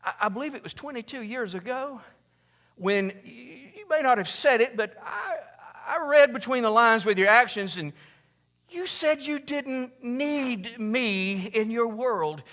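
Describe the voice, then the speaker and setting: A man's voice: animated, measured pace, heavily acted. A preacher voicing an imagined gloating man in a sermon who brags about his power to the brothers who wronged him, in a mocking, swaggering way. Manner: mocking, swaggering, loud and high-pitched. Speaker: pastor.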